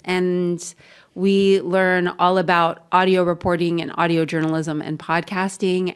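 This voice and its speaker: Woman, 40s, audio program lead, low smooth radio voice, chatty and laughing. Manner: warm, laughing, conversational. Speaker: head of an audio journalism program. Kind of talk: open house panel talk.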